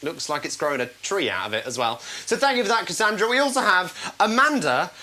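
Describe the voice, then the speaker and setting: A man hosts a light comedy show from home in a bright, forceful voice, his pitch leaping around as he jokes. He talks in a playful, self-mocking way and laughs easily at his own material. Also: very animated, brisk, low-quality recording. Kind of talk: casual live show chat.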